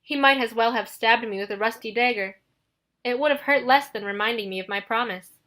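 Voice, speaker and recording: A woman narrating an audiobook in the first person, in a steady, dramatic storytelling manner. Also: on the high side, a little fast.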